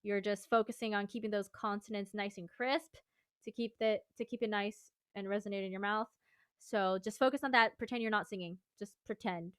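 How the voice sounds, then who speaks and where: A woman's voice: medium pitch, steady tone, brisk, fairly bright tone, clean tone, dry recording, clean studio sound. A woman vocal coach giving a casual singing lesson, explaining exercises in a chatty, rambling way.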